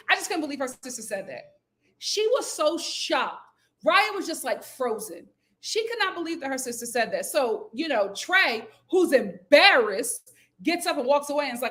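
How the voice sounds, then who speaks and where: Woman, reality TV recapper, casual and animated, jumps into high voices to mimic people. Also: normal speed. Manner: animated and incredulous, acts out quotes in high voices. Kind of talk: casual reality show commentary.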